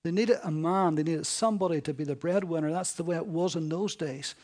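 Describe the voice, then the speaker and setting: Earnest preaching man, rather high voice. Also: brisk. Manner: earnest, dramatic shifts between loud emphasis and soft hushed lines. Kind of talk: expository sermon.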